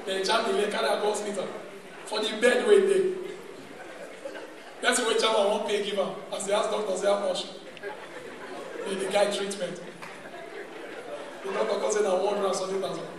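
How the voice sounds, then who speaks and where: A man with a Nigerian accent doing animated stand-up comedy, breaking into shouts and acting out characters. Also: high-pitched, fairly quick, pauses often, background noise. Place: large live comedy venue. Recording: echoey live hall from far off. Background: crowd laughing.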